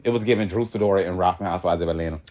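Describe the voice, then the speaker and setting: A young man from Florida spins a rambling story in casual conversation. His usual voice sits fairly low, but he breaks into loud, high-pitched bursts and laughs between lines. He talks in easy, slang-heavy speech. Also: racing. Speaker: podcast guest telling a story.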